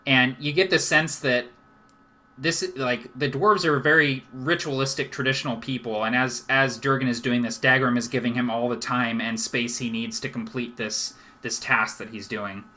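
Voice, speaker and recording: Bright-voiced man running a tabletop game. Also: medium pitch, fairly even intonation, moderate pace. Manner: descriptive, with filler words like "like" and "sort of". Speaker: game master.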